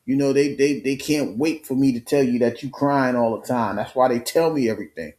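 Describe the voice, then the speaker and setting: Man, live stream host, casual sports chat, animated, slangy, swears, mid-pitched voice. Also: a little fast, hardly any pauses.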